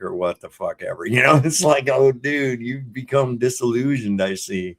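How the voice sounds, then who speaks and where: A man's voice: mid-range voice, moderate pace. A middle-aged man hosting a live stream, chatting casually and telling loose stories full of swearing. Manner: loose, profane storytelling. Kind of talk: casual chat.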